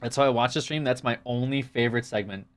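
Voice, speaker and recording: A man's voice: mid-range voice, fast talker. A man from the United States, streaming live and reacting to chat with sarcastic, profane, rambling rants.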